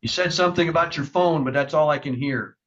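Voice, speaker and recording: A man's voice: a little high, fast talker, a bit bright, lo-fi sound. A man presiding as a judge at a court hearing, stern and lecturing.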